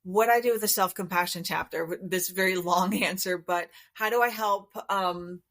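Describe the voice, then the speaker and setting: A woman therapist, a guest on a podcast interview, explaining her approach in a calm, measured way. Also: on the low side. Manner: calm, measured, explanatory, acts out inner voices.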